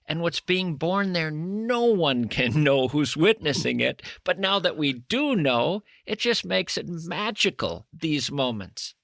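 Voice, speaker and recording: A man's voice: on the high side, big pitch swings, takes it slowly, gravelly, few pauses, fairly bright tone, no echo, clean studio sound. A man hosting a radio interview, enthusiastic and reading passages aloud to his guest. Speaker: radio host.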